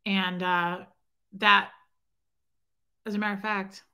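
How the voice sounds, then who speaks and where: A woman's voice: mid-range voice, little pitch movement, slow pace, bright, forceful tone, smooth. A woman hosting a livestream, telling a personal story in a rambling, emotional way and greeting chat viewers by name. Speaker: livestream host. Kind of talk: emotional casual livestream talk.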